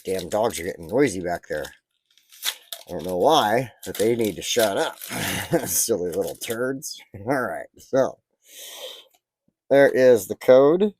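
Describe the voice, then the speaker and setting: A man casually talking through opening trading card packs, chatty and easily excited, rambling into side stories. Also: fairly low pitch, unhurried, slight background noise. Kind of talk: casual unboxing commentary.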